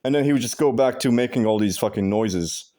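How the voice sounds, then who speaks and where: A man talking in a casual rambling monologue, halting with many fillers and restarts, blunt and full of profanity. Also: mid-range voice, mellow. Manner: heavy profanity, blunt and aggrieved. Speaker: vlogger.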